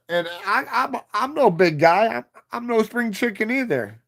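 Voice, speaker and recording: A man's voice: very high voice, lively intonation, moderate pace, hardly any pauses, fairly bright tone. A man in his thirties hosting a livestream, chatting casually and profanely with viewers in a rambling, playful way. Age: 30s. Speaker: livestream host.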